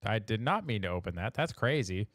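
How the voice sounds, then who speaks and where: A man's voice: lowish voice, big pitch swings, brisk, fairly bright tone, no room sound. Chatty man with a dry close sound. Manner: joking and chatty, laughs at own jokes. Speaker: show host. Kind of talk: casual commentary on memes.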